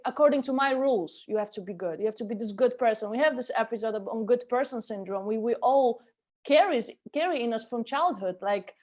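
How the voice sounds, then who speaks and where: Woman on a podcast, earnest, stops and restarts a lot, higher voice. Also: darkish tone. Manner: earnest, halting, repeats words. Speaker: podcast co-host, guest. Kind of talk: casual conversation.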